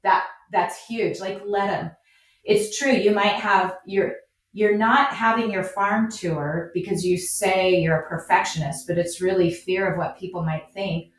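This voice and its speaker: A woman's voice: mid-range voice, fairly even intonation, measured pace. A woman, a flower farmer and business coach, guest on a podcast, talking in an upbeat and encouraging way. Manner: upbeat, encouraging, acts out quoted voices. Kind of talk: podcast interview conversation. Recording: echoey, distant remote audio.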